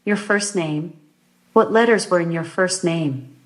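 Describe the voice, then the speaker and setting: A woman voicing a male hypnotherapist who asks calm, patient questions during a session. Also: sits high, a little slow, rough recording. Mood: calm probing.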